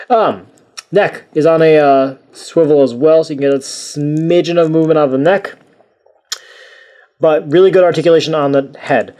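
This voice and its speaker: A man's voice: on the high side, moderate pace, mellow. Rambling, jokey male toy reviewer. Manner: rambling, jokey and self-mocking.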